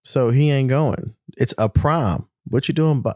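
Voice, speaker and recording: An animated man co-hosting a podcast, reacting to a clip in loose casual chat. His voice sits in a mid range, recorded close and dry with no room sound. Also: mid-range voice, measured pace, no room sound. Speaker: podcast co-host.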